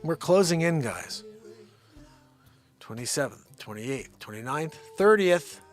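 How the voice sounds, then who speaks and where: A man's voice: a little high, expressive, slow pace, soft background music. A man hosting a daily live comedy stream from home, rambling loosely, scolding his dogs and calling out viewers' names.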